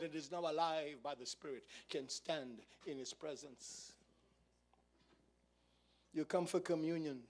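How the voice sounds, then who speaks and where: A man preaching a sermon as pastor, dropping to a hush and then rising to shouts. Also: on the high side, unhurried, long pauses. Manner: swings from hushed to shouting.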